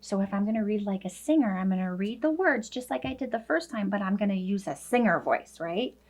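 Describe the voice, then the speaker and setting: A woman teacher working one-on-one with a young child, speaking slowly, simply and encouragingly as she explains a reading activity. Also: mid-range voice, animated, a little mellow. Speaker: elementary school teacher.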